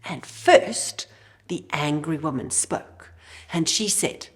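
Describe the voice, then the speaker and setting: A woman's voice: deep voice, takes it slowly. A woman teaching children at church, telling a Bible story expressively and dropping to a whisper for emphasis.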